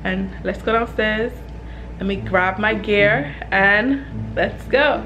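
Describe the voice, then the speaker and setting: A woman's voice: mid-range voice, slow, lo-fi sound, noisy background. A young woman hosting her vlog, talking casually to the camera. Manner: loud put-on ratchet voice with her fiancé. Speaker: vlog host.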